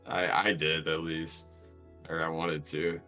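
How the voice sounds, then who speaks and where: A man's voice: very deep voice, level tone, takes it slowly, bright, forceful tone, faint music behind. A man playing a tabletop game, joking, laughing and swearing. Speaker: player. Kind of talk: casual tabletop play.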